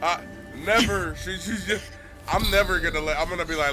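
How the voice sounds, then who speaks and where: A young adult man streaming, telling profane, animated stories and laughing through them. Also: sits high, fairly quick, music in the background. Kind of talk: casual storytelling.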